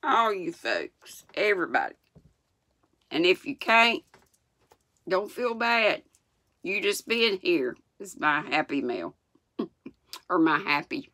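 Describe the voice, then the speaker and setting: A woman's voice: medium pitch, very animated, slow, pauses often, bright, forceful tone, no room sound. An older woman with a Southern US accent, from North Carolina, chatting folksily and laughing as she reads a storybook aloud to her viewers. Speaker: channel host reading aloud. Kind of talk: casual storybook read-aloud.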